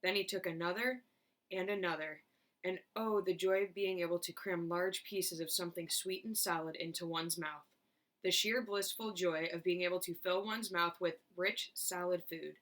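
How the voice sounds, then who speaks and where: A woman teacher reading a children's chapter book aloud with clear, expressive narration. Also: lowish voice, normal speed. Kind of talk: storybook read-aloud.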